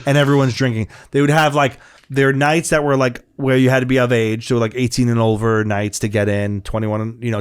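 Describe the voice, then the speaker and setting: A young man hosting a podcast, telling a rowdy story in casual, profane chat and acting out the voices of the people in it. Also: medium pitch. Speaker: podcast co-host.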